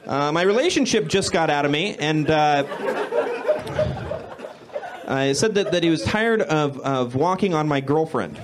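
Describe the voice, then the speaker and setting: A young man doing a stand-up set on a comedy club stage into a handheld mic, awkward and deadpan, correcting himself and at times building into shouted rants. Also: a little high, unhurried, pauses often, noisy background. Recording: live club recording with crowd laughter.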